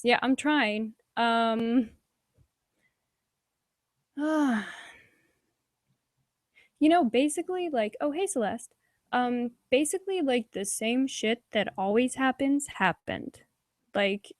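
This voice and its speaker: A woman's voice: fairly high pitch, takes it slowly, no echo, studio quality. Profane, rambling woman livestreamer. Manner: profane, rambling, many "like"s and sighs. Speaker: YouTube livestream commentator reading chat. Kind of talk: casual livestream commentary. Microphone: desk microphone.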